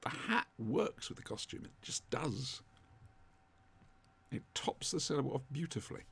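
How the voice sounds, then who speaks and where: A man's voice: mid-range voice, very animated, measured pace, creaky, fairly bright tone, husky. A man with a chatty, wry manner, co-hosting a casual watch-along commentary from home. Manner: chatty, wry, fond asides. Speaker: podcast co-host watching along. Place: home room, dry sound.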